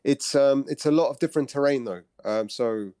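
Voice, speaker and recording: A man, a guest and co-founder talking casually over a video call, relaxed and hesitant with many ums. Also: mid-range voice, normal speed, clear, resonant tone, no echo, clean studio sound. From Cyprus, raised in London.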